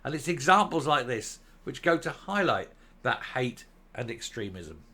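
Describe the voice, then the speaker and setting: A man's voice: mid-range voice, sing-song, moderate pace, pushed and bright. A man giving sarcastic, scornful political commentary to camera, reading out news quotes and mocking them. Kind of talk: opinionated video commentary.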